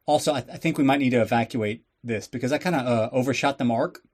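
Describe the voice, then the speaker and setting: A man's voice: medium pitch, fast. A man hosting a podcast who recaps a film in a casual, sarcastic way, swearing and riffing as he goes. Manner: sarcastic and profane, riffing on the plot. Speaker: podcast host. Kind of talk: casual comedic movie recap.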